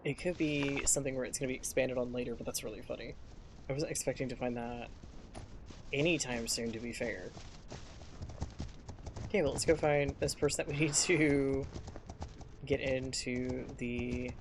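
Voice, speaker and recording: A male streamer talks his way through a game in an easy, rambling manner, musing aloud as he goes. Clear hoofbeats and game ambience run loudly beneath his voice. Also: medium pitch, fairly even intonation, moderate pace, pauses often, background noise. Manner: rambling, thinking aloud while playing. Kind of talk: casual live gameplay commentary.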